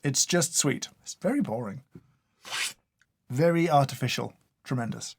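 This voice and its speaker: A man's voice: a little high, lively intonation, measured pace, slightly rough. A man doing casual taste-test commentary, dry and sarcastic, scolding each product he tries. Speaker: food taste tester.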